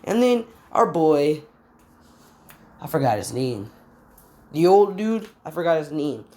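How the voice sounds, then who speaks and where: A woman improvising a fan story out loud, rambling, stopping on fillers and forgetting names as she goes. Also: sits low, very animated, slow.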